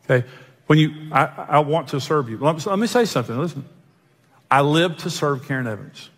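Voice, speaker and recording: A man's voice: on the high side, lively intonation, a little fast, husky. A male pastor preaching a sermon, telling jokes and self-mocking stories. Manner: joking, self-mocking storyteller. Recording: long hall reverb.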